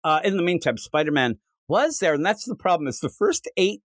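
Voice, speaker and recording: A man co-hosting a casual comic book podcast, recapping stories in an animated way. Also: fairly high pitch, fairly quick, no room sound. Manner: animated recapping, jumping into character voices. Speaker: podcast co-host.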